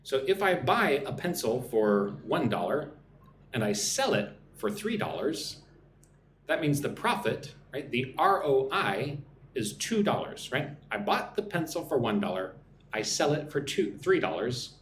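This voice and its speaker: An American man teaching business English on a live stream, speaking slowly and clearly and often checking in with "right?". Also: mid-range voice, very animated, roomy sound, a little hiss or hum. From United States.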